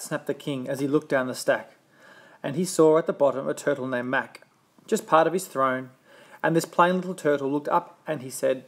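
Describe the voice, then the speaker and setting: A man's voice: mid-range voice, normal speed. Man reading a rhyming storybook aloud. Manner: rhythmic, sing-song rhyming delivery.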